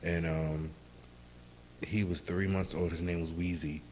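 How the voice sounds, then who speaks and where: Deep-voiced man telling stories. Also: measured pace, a little hiss or hum, poor audio. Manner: relaxed storytelling, many fillers. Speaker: podcast co-host. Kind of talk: casual chat.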